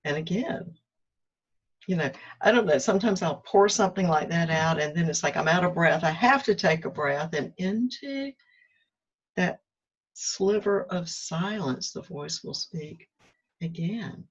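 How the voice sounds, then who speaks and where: A woman's voice: lowish voice, animated, measured pace, breathy edge. A woman talks candidly in a casual, reflective monologue, joking at her own expense and acting out her inner dialogue. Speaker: spiritual self-help host. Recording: muffled lo-fi recording.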